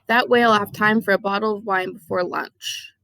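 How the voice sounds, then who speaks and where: A woman's voice: medium pitch, fairly even intonation, moderate pace, vocal fry, sharp tone, dry recording. A woman doing a sneering male villain. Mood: mocking. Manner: snarling, mocking.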